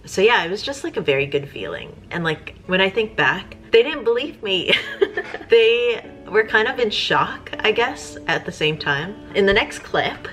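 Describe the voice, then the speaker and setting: A woman, chatting casually and rambling as a vlogger, with soft music behind. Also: mid-range voice, very animated, a little slow. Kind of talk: casual chat.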